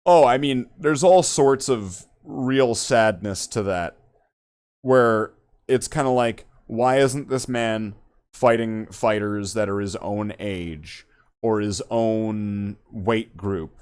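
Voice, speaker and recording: A man's voice: mid-range voice, darkish tone, clear, resonant tone. Rambling, joking man on a podcast. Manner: rambling, joking, swears a lot. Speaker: podcast host. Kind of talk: casual profane chat.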